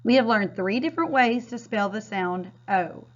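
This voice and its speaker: A woman teacher giving a recorded phonics lesson, modeling words clearly and patiently. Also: a little high, expressive, moderate pace. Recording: dull, lo-fi sound.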